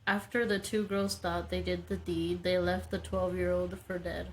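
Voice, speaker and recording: A woman's voice: lowish voice, level tone, moderate pace, a little hiss or hum, poor audio. A woman in her twenties co-hosting a podcast, reading out a true-crime case with joking asides. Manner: reads notes with joking asides. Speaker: podcast co-host.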